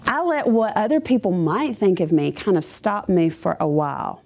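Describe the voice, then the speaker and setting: A woman's voice: medium pitch, normal speed, vocal fry, few pauses. A woman giving a chatty personal testimony to a church congregation, with many asides. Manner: chatty, animated storytelling with asides.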